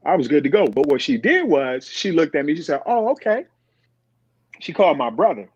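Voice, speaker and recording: A man's voice: on the high side, fast, husky, dry recording. A middle-aged man, a podcast guest, telling stories in conversation and acting out the voices of people he quotes. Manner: animated, acts out quoted voices. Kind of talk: storytelling in conversation. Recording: dull, dry recording.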